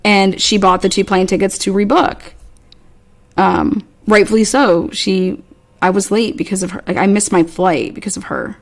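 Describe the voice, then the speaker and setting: A woman's voice: mid-range voice, moderate pace, gravelly. A woman co-hosting a podcast, telling a story in a rambling, exasperated way, swearing freely and restarting often. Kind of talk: casual storytelling chat.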